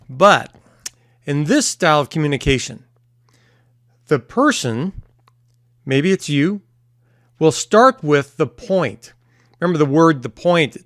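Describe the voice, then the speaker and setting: A man, a therapist and coach, talking casually to camera and explaining things with pauses and repeats. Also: on the high side, a bit bright, no room sound, clean studio sound. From United States. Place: at home early morning.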